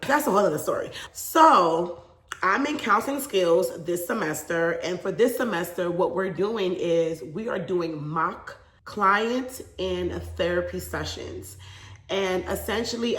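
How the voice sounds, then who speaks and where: Young female vlogger, bright and chatty, laughs easily, roomy echo on the recording. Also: lowish voice, unhurried. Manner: chatty and animated, laughs often. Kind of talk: casual storytime chat.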